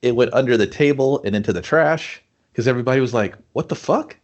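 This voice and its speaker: Profane, animated male podcast co-host. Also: medium pitch, fast. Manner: profane, animated, acts out scenes in voices. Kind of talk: casual movie review chat.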